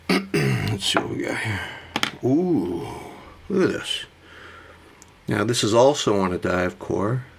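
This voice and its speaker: A man with a rough morning voice, hosting a casual vlog monologue about his collection. He gushes theatrically and talks to himself as he goes. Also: on the low side, expressive, slow pace, long pauses, slight background noise. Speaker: watch collector vlogger.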